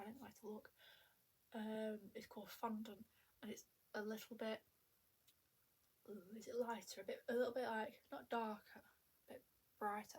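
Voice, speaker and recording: Breathy, rambling young woman. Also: fairly high pitch, a little mellow. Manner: chatty, self-mocking, rambling. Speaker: vlogger. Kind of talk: rambling casual chat to camera. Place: at home indoors. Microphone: tablet camera.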